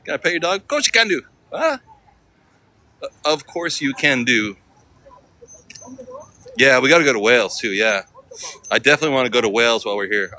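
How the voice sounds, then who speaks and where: Bright-voiced chatty American man. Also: medium pitch, a little hiss or hum. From United States. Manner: chatty, rambling, talks to viewers while walking. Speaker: travel vlogger. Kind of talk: casual walking vlog. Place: outdoors on city streets.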